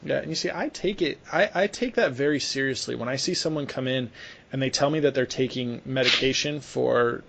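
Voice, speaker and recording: A young man, a clinician in sports medicine, tells a story on a casual podcast with plenty of fillers and false starts. His voice is medium in pitch, gravelly and fairly bright, and he talks fairly quickly.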